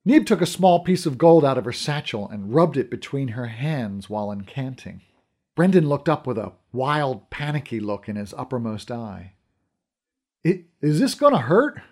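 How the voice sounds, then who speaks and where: A man's voice: medium pitch, expressive, moderate pace, darkish tone. A man narrating a story in the first person, reading expressively. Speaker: audiobook narrator.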